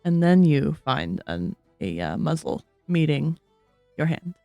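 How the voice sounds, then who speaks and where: Woman game master, lower voice, dry close sound, faint violin music underneath, calm narration. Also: unhurried, creaky, no echo, highs cut off. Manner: calm, steady narration with hesitations.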